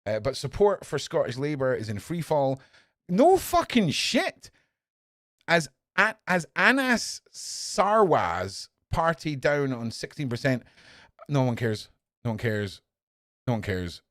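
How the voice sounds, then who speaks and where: A man reads news headlines and rants back at them, swearing freely. His pitch jumps all over, sliding from grumbled asides up to furious yelling. The sound is dry and close, with no room echo. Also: very animated, a little slow. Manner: swears a lot, swings from muttering to shouting. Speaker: podcast host reading news. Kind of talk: ranting news commentary.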